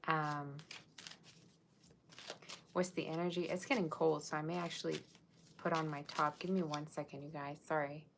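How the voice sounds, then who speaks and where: A woman's voice: low voice, level tone, moderate pace, creaky, pauses often, background noise. A woman giving a casual live-streamed tarot reading, chatting straight to her viewers in a musing, tentative way. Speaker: tarot reader.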